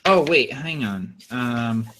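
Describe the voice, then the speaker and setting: A man's voice: medium pitch, animated, slow pace, fairly bright tone, a little hiss or hum. A young man playing in a tabletop game, chatting casually and stumbling over his words. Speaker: player.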